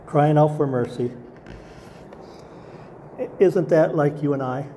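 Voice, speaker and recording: Earnest male pastor, mellow voice. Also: on the high side, slow, slight background noise. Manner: earnest, asks the congregation rhetorical questions. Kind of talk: sermon.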